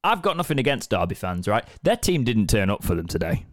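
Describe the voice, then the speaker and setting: A man from England hosting a football podcast, relaxed and conversational as he leads the talk. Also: fairly low pitch, brisk, no echo, clean studio sound. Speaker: podcast host. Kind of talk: casual football podcast chat.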